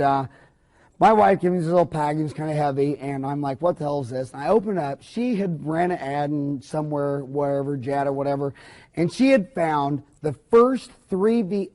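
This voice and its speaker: A middle-aged man delivers a seminar lecture with a fairly high voice for a man. His talk is blunt and animated, full of irreverent asides and quick shifts. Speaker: dentist lecturer.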